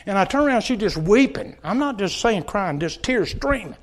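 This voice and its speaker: A man's voice: high-pitched, expressive, normal speed. A middle-aged man preaching a sermon at a church service, telling stories and pleading earnestly with the congregation. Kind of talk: sermon with altar call.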